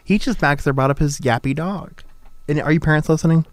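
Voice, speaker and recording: A man's voice: a little high, brisk, no room sound. A young man hosting a talk show, bantering playfully and gushing over his guests. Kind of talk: casual banter.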